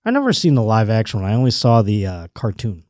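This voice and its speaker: A man's voice: fairly low pitch, wildly swooping pitch, quick pace, a little mellow, no room sound, clean studio sound. A man hosting a podcast in casual chat, profane, joking and rambling. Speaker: podcast host.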